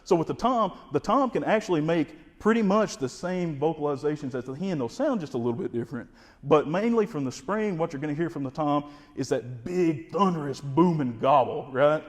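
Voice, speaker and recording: A man's voice: on the high side, animated, moderate pace, hardly any pauses, big-room sound. Folksy Kentucky man teaching turkey calls. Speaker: wildlife information specialist. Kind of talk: instructional explanation.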